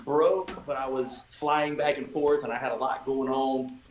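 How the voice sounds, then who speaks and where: Guest musician, male, lively anecdote teller, roomy echo. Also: medium pitch, moderate pace. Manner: animated storyteller, swearing, acting out quotes. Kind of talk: casual storytelling on a livestream. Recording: echoey room with faint ambient noise.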